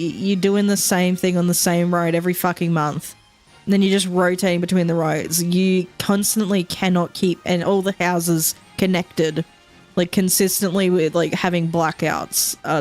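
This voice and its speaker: A woman, chatting casually on a gaming stream and rambling, swearing and laughing often. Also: on the low side.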